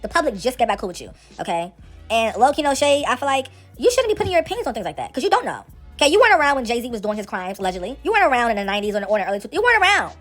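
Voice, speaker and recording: A woman hosting casual celebrity gossip commentary, sassy, slangy and animated. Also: fairly high pitch, racing, faint music behind.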